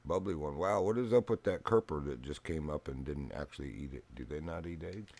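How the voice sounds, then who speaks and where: A man's voice: extremely low pitch, brisk, vocal fry, darkish tone. A man from Virginia streaming a fishing game, telling rambling stories with frequent chuckles. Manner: rambling storyteller, chuckles often. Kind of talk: casual gaming stream chat.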